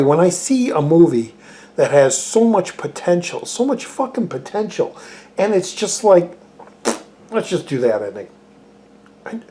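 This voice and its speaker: A man's voice: on the high side, mellow. A man giving a casual, rambling film review, exasperated and swearing freely. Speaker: movie reviewer.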